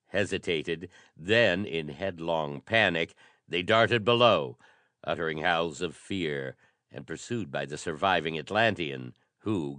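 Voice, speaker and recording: Deep male audiobook narrator, dramatic reading, dry studio sound. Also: fairly bright tone, no echo. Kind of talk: audiobook reading of pulp adventure fiction.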